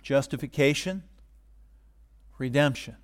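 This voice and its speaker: A middle-aged man preaching a sermon as pastor, animated and getting loud for emphasis. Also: mid-range voice, measured pace.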